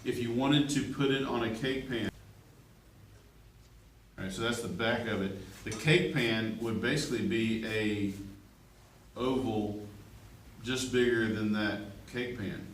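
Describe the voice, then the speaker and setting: With a medium pitch and measured pace, a male art teacher pauses often as he demonstrates a drawing. He's chatty and jokes with his class while checking in, and the audio is far-off and echoey with faint room noise.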